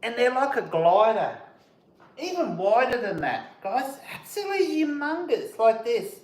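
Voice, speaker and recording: A man hosting a live stream, telling casual stories in an animated way and mimicking sounds as he goes. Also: extremely high pitch, measured pace, reverberant. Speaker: host of a camping channel, live stream.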